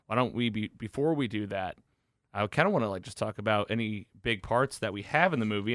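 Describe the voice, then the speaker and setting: A man's voice: lowish voice, fairly bright tone, no room sound, studio quality. A man hosting a podcast, casually recapping a movie plot with enthusiasm and lots of fillers. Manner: enthusiastic, rambling with fillers and restarts. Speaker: podcast host reviewing a film.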